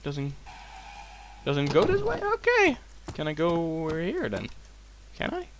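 A young man giving let's play commentary, excitable, swearing and shrieking in fright. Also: a little high, measured pace, noisy background. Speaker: gamer. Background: game music.

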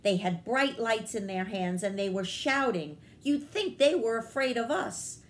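A woman voicing a gentle, apologetic small male bat in a children's read-aloud, humble and pleading. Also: a little high, lively intonation, unhurried, slight background noise, voice pushed up.

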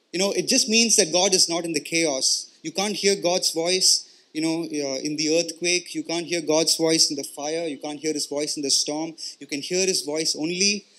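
Bright-voiced man preaching a sermon. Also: on the high side, steady tone, moderate pace. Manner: earnest, explanatory, with frequent "you know" and "right?" check-ins and repeated words. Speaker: pastor. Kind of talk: conversational sermon.

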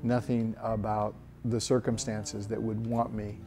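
A man in his thirties telling a personal faith story in an earnest, halting way with frequent restarts. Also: on the low side, level tone. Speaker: church member sharing a testimony. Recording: soft guitar music behind. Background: soft guitar music.

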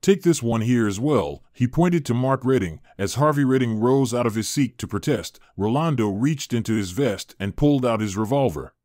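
A man's voice: medium pitch, moderate pace, hardly any pauses, darkish tone, no room sound. Man reading an audiobook, dry sound. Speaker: audiobook narrator. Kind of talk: audiobook narration.

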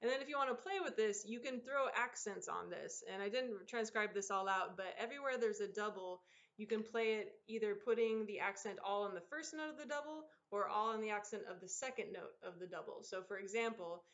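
A woman teaching an online drum lesson, explaining patterns in a relaxed, encouraging way and counting aloud. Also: medium pitch, brisk. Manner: counts aloud and vocalizes rhythms over drumming. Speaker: percussion teacher. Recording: dull lo-fi sound with loud drumming behind. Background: loud percussion.

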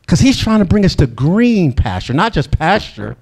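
A man preaching a sermon in an animated way, acting out quotes and laughing between lines. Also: high voice, moderate pace, vocal fry.

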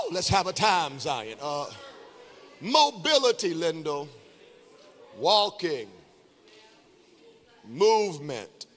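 High-pitched man preaching with chanted shouts. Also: long reverb tail. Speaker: pastor. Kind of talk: sermon.

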